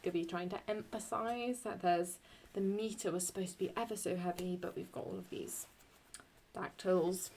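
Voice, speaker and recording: A woman teaching Latin poetic meter in a chatty way, thinking aloud and correcting herself, and reading Latin lines slowly and deliberately. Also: fairly low pitch, a little mellow, husky. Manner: slow, deliberate Latin recitation. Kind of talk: screen-recorded lesson.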